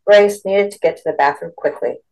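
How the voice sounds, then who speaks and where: A woman reading a story aloud in a steady, expressive narration. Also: mid-range voice, a little fast, poor audio.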